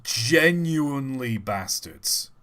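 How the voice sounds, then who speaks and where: A man's voice: mid-range voice, slow pace. Chatty young man. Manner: animated storytelling, swears casually. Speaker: streamer. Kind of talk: casual live-stream chat.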